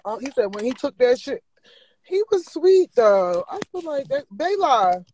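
A woman chatting casually on a livestream, loose and profane, a little sick and clearing her throat now and then. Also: high voice, sing-song, unhurried, darkish tone, low-quality recording. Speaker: vlogger.

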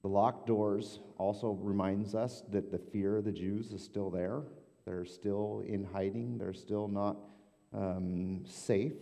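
A man's voice: lowish voice, vocal fry, dark tone. A male pastor preaching a casual, conversational sermon in a church sanctuary, often repeating words as he thinks. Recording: long church hall reverb.

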